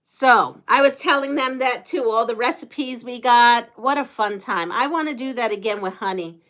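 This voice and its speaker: A woman's voice: a little high, normal speed, a bit bright. Chatty middle-aged woman hosting a live stream. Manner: chatty and rambling, chatting with viewers. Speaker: quilting channel host. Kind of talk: casual livestream chat.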